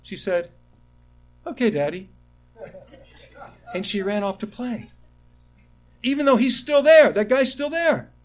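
A middle-aged man preaching a sermon, with animated emphasis that drops to quiet asides and personal stories told with restarts. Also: extremely high pitch, measured pace, pauses often. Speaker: pastor.

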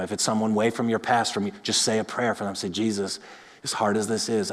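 A man pastor preaching a sermon, telling examples with animated swings between emphatic bursts and quiet, soft passages. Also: on the low side. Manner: animated storytelling, rising to emphatic peaks then dropping soft. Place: church sanctuary. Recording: long reverb of a church hall.

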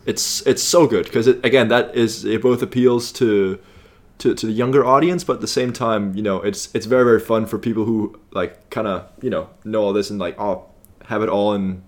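A young man co-hosting a casual podcast, eager and halting, full of fillers and restarts. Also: fairly low pitch, fairly even intonation. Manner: enthusiastic, halting, many fillers. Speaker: podcast co-host. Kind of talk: casual chat.

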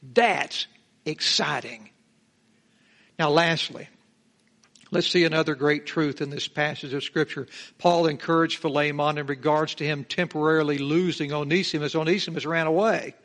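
Gravelly preaching man. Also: fairly high pitch, steady tone, a bit bright. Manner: emphatic preaching, swelling on key words and slowing for emphasis; rhetorical questions to the congregation. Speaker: pastor. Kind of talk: verse-by-verse Bible teaching sermon.

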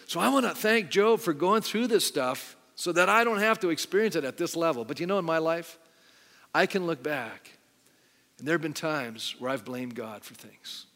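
A man's voice: fairly high pitch, animated, normal speed, fairly bright tone. A middle-aged male pastor preaching a sermon in a church, talking conversationally and putting frequent questions to the congregation. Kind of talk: sermon with altar call. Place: church sanctuary. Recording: long hall reverb with faint music.

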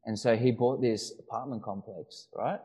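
A man's voice: medium pitch, fairly even intonation, normal speed, mellow, husky, poor audio. A man co-hosting a casual podcast, telling a long story with many restarts and fillers. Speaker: podcast co-host. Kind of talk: casual chat.

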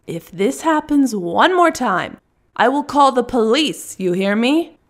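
A woman voicing a frightened, furious young Russian woman who shouts in clipped, broken English. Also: a little high, animated, a little slow.

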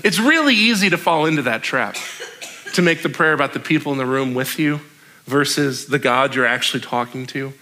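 A young male pastor delivers a sermon in a bright, lively voice at an everyday middle pitch. He stays conversational and jokey, tossing in quick asides as he preaches. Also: a little hiss or hum.

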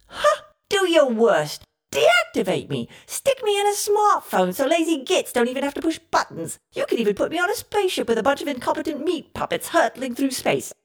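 A woman's voice: high-pitched, huge pitch swings, brisk. Olivia, a cheeky computer voiced by a woman. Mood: defiant. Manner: cheeky and indignant, talks back. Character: sarcastic, stubborn female submarine computer. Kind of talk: comedic radio play acting.

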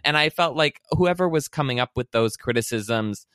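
A man's voice: medium pitch, normal speed, hardly any pauses, fairly bright tone, smooth. A man chatting casually as a podcast co-host, loose and rambling, with lots of filler words along the way. His voice sits in an ordinary middle range. The sound is dry and close, with no room echo. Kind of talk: casual chat.

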